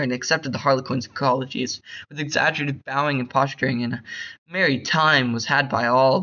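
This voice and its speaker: A young man reading a short story aloud in a bored, hurried way, stumbling over words. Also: mid-range voice, a bit bright, muffled recording. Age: young adult. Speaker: reader.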